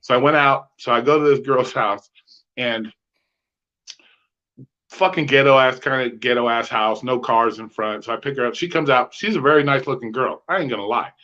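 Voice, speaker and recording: A man co-hosting a podcast, telling rideshare stories in a profane, animated way and acting out the dialogue. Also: mid-range voice, normal speed. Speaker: podcast co-host, rideshare driver. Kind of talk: casual chat, storytelling. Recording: slightly dull lo-fi sound.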